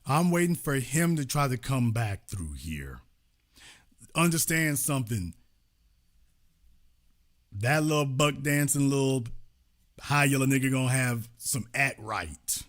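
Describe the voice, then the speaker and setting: A man's voice: medium pitch, lively intonation, unhurried, pauses often. A man hosting a show who delivers a political commentary monologue in an emphatic, repetitive, preaching manner. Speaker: host.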